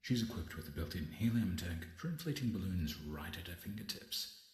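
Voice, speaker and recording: An actor with a British accent playing a scheming male inventor in a game cutscene, pitching his robot like a salesman. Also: animated, fairly quick, in a large hall. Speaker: villain in a horror game.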